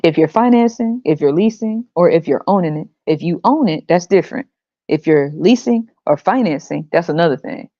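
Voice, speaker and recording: A woman's voice: lowish voice, lively intonation, normal speed, mellow, no room sound, dull audio. A woman hosting a podcast, ranting bluntly and profanely, exasperated and often laughing. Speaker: podcast host.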